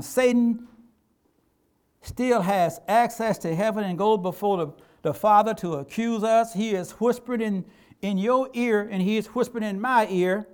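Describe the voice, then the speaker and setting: A man's voice: sits high, normal speed, darkish tone, clear, resonant tone. An older man preaching a sermon as pastor, in a folksy, emphatic and colloquial way.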